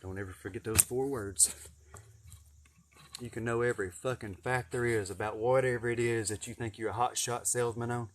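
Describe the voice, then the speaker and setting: Loud, swearing man. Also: mid-range voice, fairly even intonation, fairly quick. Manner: loud, swearing, self-amused, repeats words for emphasis. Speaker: vlogger and contractor. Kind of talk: casual profane monologue while working outdoors. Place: outdoor garden greenhouse.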